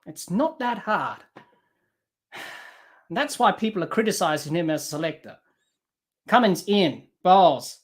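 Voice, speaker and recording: A man's voice: high voice, animated, takes it slowly, pauses often. Exasperated man commentating cricket. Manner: exasperated, scolding players and selectors directly. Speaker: podcast host doing live cricket commentary. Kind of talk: live watch-along cricket commentary.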